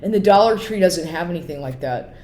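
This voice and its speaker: A woman's voice: on the low side, animated, fairly quick, mellow, echoey room. A woman talking casually in a rambling monologue, full of "like" fillers.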